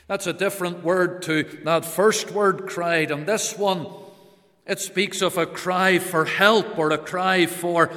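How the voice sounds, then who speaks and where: Male preacher, deliberate sermon delivery, reverberant church hall sound. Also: fairly high pitch, sharp tone. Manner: slow, earnest preaching with swells of emphasis.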